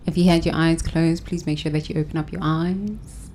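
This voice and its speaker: A woman hosting a guided breathing session and self-help talk, counting breaths slowly and soothingly, with loud sighs. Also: low voice, steady tone, a little hiss or hum. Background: faint instrumental music.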